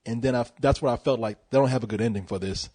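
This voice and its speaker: A man reviewing a movie in casual banter with his co-hosts, talking fast. The recording is close and dry, with no room sound. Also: medium pitch, a little mellow, dry recording. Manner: quick, joking banter. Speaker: film review co-host. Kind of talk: casual chat.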